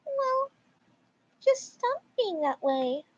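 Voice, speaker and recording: A woman voicing a shrill, entitled middle-aged mother who scolds in a high, indignant voice. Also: sing-song, drawn-out words, heavily acted. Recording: dull lo-fi mic.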